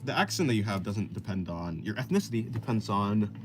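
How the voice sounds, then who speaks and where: A young man with an American accent talks loosely while he draws. His pitch rises and falls a lot as he wanders through long explanations full of fillers and restarts. Plucked guitar music plays clearly behind him. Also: sing-song, quick pace. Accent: General American. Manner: rambling, many "like" fillers and restarts, explaining at length. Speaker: art streamer. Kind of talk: casual chat while drawing.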